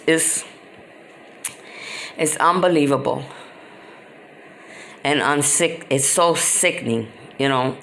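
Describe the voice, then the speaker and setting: A woman's voice: deep voice, a bit bright, a little hiss or hum. A woman speaking straight to the camera in an impassioned vlog monologue. She talks bluntly, often in street slang, repeats herself for emphasis and fills her speech with "you know". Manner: emphatic and repetitive, many "you know" fillers. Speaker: vlogger.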